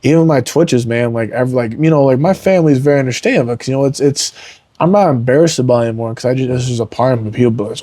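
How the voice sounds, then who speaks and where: A man's voice: mid-range voice, fast, mellow, no echo, studio quality. A young adult man, a fighter on a podcast, talking candidly and earnestly, rambling with lots of "like" and "man". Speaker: podcast guest, MMA fighter. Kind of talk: candid emotional interview talk.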